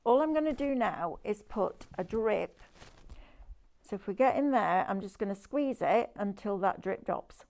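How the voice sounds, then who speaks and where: With a gravelly, fry-tinged voice at an ordinary middle pitch, a woman guides viewers through products on a live craft shopping show in eager, chatty sales talk. She's expressive, a little slow, and her tone is darkish.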